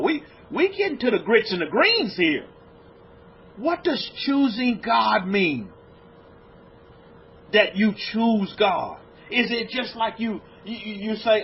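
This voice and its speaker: A man preaching a lecture-style sermon as a rabbi to his congregation, firing off rhetorical questions and swinging from loud exclamations to low, hushed lines. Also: a little hiss or hum. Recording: dull lo-fi recording.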